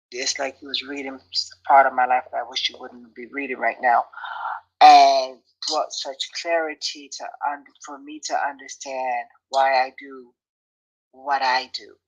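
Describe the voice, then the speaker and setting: A woman's voice: extremely low pitch, breathy edge, rough recording. Woman sharing a heartfelt reflection. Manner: searching, restarts mid-phrase, thankful. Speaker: study group participant. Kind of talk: earnest spoken reflection.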